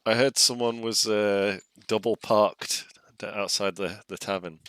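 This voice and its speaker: A man's voice: lowish voice, steady tone, unhurried, fairly bright tone, smooth. A man playing a tabletop game, joking and grumbling in casual banter. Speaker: player. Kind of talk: casual tabletop role-play.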